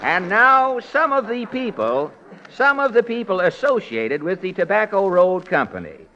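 A man hosting a 1940s radio comedy show, trading wry, quick comic patter. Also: sits high, sing-song, bright, forceful tone, slight background noise. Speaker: comedian host. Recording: dull lo-fi 1940s radio broadcast.

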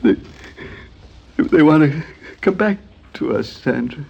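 A man's voice: on the high side, animated, slow pace, vocal fry, muffled recording, exaggerated voice. A bitter, paranoid old man. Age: older. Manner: ranting, stammering, swinging loud to hushed. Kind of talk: radio drama acting.

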